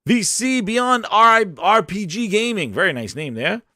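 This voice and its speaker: A man hosting a casual live stream, hyped and shouting out viewers, his voice hoarse after a long day. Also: high voice, animated, measured pace, no room sound, studio quality. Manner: hyped, shouts out chat names.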